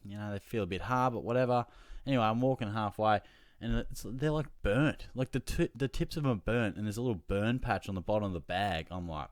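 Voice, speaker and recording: A young Australian man hosting his own fantasy football show, telling a casual, animated story about his weekend and swearing freely along the way. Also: lowish voice, fairly quick, clean tone, no room sound, clean studio sound.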